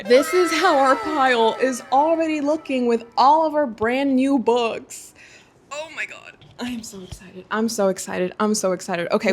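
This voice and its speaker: A young woman talks casually through a book haul unboxing, gushing and excitable. Her voice sits a little high and often jumps up with delight. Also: slight background noise. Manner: gushing and excitable, many exclamations. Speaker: booktuber.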